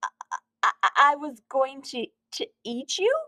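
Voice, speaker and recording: A woman's voice: fairly high pitch, animated, measured pace, fairly bright tone. A woman voicing a flustered, stammering grown man in a storybook reading. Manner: stammering, sheepish.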